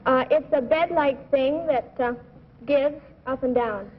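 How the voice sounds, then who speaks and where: A woman's voice: high-pitched, measured pace, slight background noise. Tentative woman contestant, tinny old broadcast. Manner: tentative, brief answers. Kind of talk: answering quiz questions.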